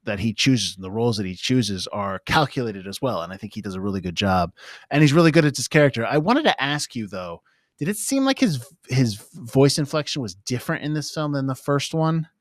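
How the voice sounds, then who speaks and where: A man's voice: mid-range voice, lively intonation, brisk, dry recording, clean studio sound. A man co-hosting a casual film review podcast, thinking aloud as he talks. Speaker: podcast co-host.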